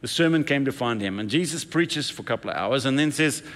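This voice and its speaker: A man preaching a sermon, telling a story in a lively, conversational way. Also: medium pitch, quick pace, in a large hall.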